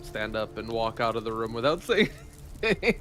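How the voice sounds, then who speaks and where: A man's voice: lowish voice, sing-song, normal speed, fairly bright tone, faint music behind. A man describing his character in a tabletop game, hesitant and amused. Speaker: player.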